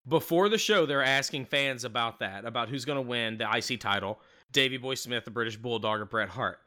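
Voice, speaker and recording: A man hosts a casual podcast recapping a wrestling show, mixing chat with narration, swearing loosely and laughing. His mid-range voice is fairly quick, bright and forceful.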